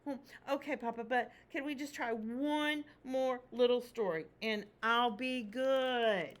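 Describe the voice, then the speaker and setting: A woman voicing an excitable little red chick in a picture book read-aloud, eager and pleading. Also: on the high side, unhurried, natural voice.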